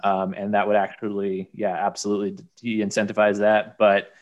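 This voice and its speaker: A man's voice: fairly low pitch, monotone, normal speed, highs cut off. A young man on a sports podcast, speaking hesitantly with many ums. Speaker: podcast co-host. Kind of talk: casual sports chat.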